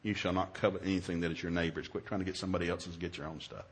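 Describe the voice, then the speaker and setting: A middle-aged man preaching a humorous sermon, telling stories with jokey, animated delivery and sudden loud exclamations. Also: low-pitched, very fast, breathy edge.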